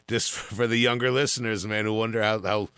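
Laid-back Long Island host. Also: male voice, lowish voice, fairly even intonation, fairly bright tone, clean tone, no echo. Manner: laid-back, halting, filler-heavy. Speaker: podcast host. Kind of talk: casual interview chat.

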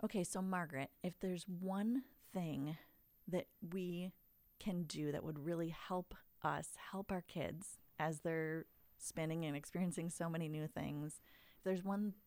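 A woman hosting a podcast, talking in a warm, expressive way with emotional emphasis. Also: fairly low pitch, measured pace, no echo. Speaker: podcast host. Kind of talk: casual conversation.

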